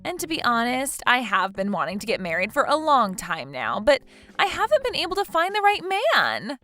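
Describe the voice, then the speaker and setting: A woman's voice: on the high side, wildly swooping pitch, normal speed, pushed and bright, soft background music, exaggerated voice. A woman voicing Brandy, gloating husband-stealer. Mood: spiteful. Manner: taunting, gloating, laughs mockingly. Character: smug scheming woman who stole her friend's husband. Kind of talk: text message story dialogue.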